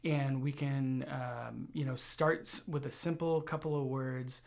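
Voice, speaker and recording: A man teaching a music tutorial, explaining ideas in a relaxed way with frequent fillers. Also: mid-range voice, unhurried, vocal fry. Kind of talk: tutorial lesson.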